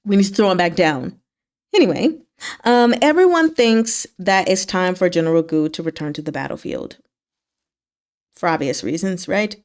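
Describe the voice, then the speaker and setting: A woman casually recapping novel chapters for her book club, animated and laughing, acting out the characters' lines. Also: on the low side, normal speed.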